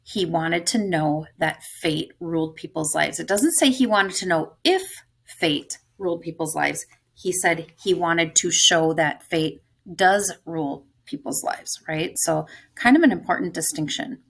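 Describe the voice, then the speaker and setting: A woman's voice: lowish voice, expressive, measured pace, gravelly, few pauses, breathy edge. A woman teacher leading a close-reading lesson, thinking aloud about a story's clues. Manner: thoughtful, musing aloud.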